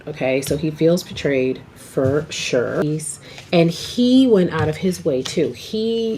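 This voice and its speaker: A low-pitched woman talks slowly through a tarot reading, rambling and checking in with her viewers. The recording carries clear background noise. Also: mellow. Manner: chatty, rambling, says okay often. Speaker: tarot reader. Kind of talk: casual tarot reading to camera. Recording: noisy home video recording.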